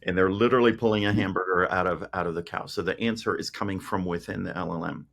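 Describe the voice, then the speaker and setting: A man's voice: low-pitched, fairly even intonation, quick pace, vocal fry, fairly bright tone. A man, a tech company founder, speaking as a podcast guest and explaining ideas through homely analogies with frequent restarts. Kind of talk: casual interview chat.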